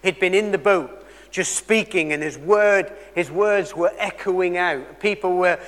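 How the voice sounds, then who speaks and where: High male preacher, earnest sermon storyteller, swings between loud and hushed, long church reverb. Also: measured pace. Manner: earnest storytelling, shifting between loud emphasis and quiet intensity.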